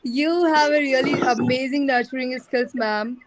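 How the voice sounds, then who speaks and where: A woman's voice: sits high, fairly even intonation, moderate pace, background noise. A woman thanking the teacher on behalf of the class, effusive and formal, calling her ma'am.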